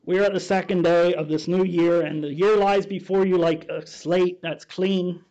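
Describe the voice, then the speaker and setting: Pastor guy with a high voice telling a story in church, steady pace, dull muffled recording. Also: moderate pace. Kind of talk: sermon with story reading.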